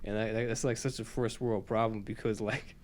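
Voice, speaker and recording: A man's voice: lowish voice, flat delivery, a little fast, a little hiss or hum. A young man from the United States co-hosting a casual podcast, rambling and repeating himself with lots of "like". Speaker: podcast co-host. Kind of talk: casual stoner chat.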